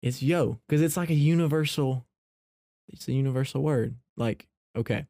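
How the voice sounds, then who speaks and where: A man's voice: mid-range voice, normal speed, gravelly, dark tone, dry recording. Playful man hosting a dry-sounding podcast. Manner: playful, teasing, chatty. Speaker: podcast host. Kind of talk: casual faith-based podcast monologue.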